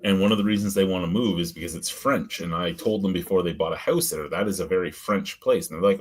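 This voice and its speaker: A man's voice: low voice, fairly even intonation, quick pace, few pauses, breathy edge. A middle-aged man from the Ottawa Valley, hosting a casual live-stream chat and telling blunt, profane stories with frequent laughs. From Ottawa Valley, Canada. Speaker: podcast host.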